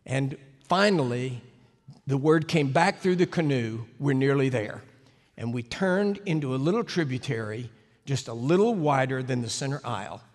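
An American man preaching, telling a story with animated, sudden loud swings and emphatic delivery. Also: mid-range voice, normal speed. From United States. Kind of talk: sermon storytelling. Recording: echoey hall reverb.

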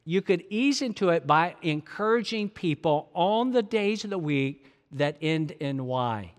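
A man's voice: fairly high pitch, animated, measured pace. A man preaching a sermon as a pastor, talking to the congregation in an earnest, conversational way full of rhetorical questions. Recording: long reverb of a large hall.

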